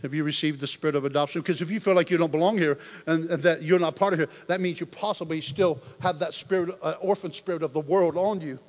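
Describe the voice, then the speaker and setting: A high-pitched man delivers a lively, joking sermon, slipping into little acted-out voices. His voice rings with the long reverb of a large church hall. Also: fast talker, hardly any pauses. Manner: animated and joking, acts out voices. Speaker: preacher.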